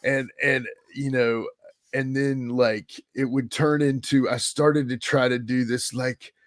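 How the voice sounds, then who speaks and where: A man's voice: mid-range voice, fairly even intonation, a little slow, dry recording, clean studio sound. A middle-aged man, a former pro wrestler, telling stories as a podcast guest and animatedly acting out the voices of the people he quotes. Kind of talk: casual interview storytelling.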